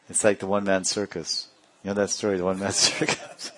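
A man's voice: on the low side, quick pace. Playful man telling sacred stories. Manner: playful, laughs often, acts out characters. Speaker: religious teacher. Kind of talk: storytelling religious discourse.

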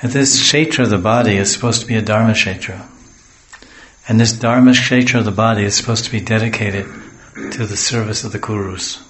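A man with a fairly low voice tells a sacred story as a sermon. He drifts into homely side stories and acts out the speakers. The room around him rings with echo. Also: fairly even intonation, a little fast, fairly bright tone, slight background noise. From the West. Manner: digressive, homely asides, acts out quotes. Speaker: spiritual teacher.

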